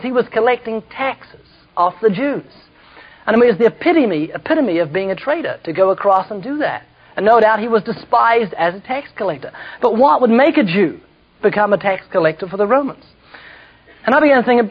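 Husky man preaching a humorous sermon. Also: sits high. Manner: storytelling, jokey asides, self-mocking. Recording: dull lo-fi recording.

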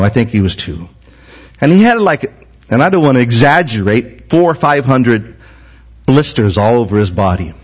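A man's voice: medium pitch, slightly rough. A man, a senior pastor, preaching a sermon with an impassioned, repetitive cadence. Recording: muffled lo-fi recording.

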